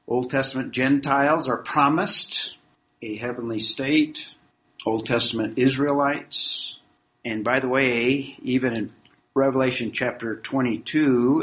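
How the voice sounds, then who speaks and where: A man teaching a Bible class in a measured, explanatory way, reading scripture aloud and taking questions. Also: medium pitch, fairly even intonation, fairly bright tone, low-quality recording. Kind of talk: classroom lecture.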